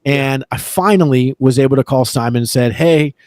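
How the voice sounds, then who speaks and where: A man's voice: medium pitch, normal speed, no echo. Man telling a story on a dry close mic. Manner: animated, acts out quoted dialogue, laughs between lines. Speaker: real estate agent, podcast guest. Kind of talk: casual storytelling.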